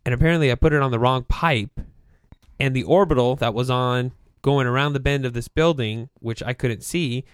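A man's voice: mid-range voice, normal speed, smooth, no echo, clean studio sound. A man on a talk show, laughing as he tells a work story casually and acts out his coworkers' lines. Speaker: guest.

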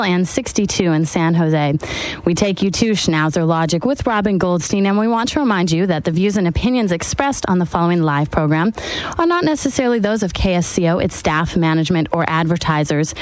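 A woman's voice: medium pitch, rough recording. Woman reading a radio weather forecast.

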